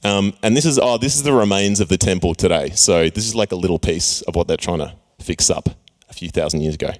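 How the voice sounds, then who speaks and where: A man's voice: deep voice, quick pace. Playful young male preacher. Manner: playful, acts out characters with jokey voices. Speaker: youth pastor. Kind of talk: casual sermon with slides.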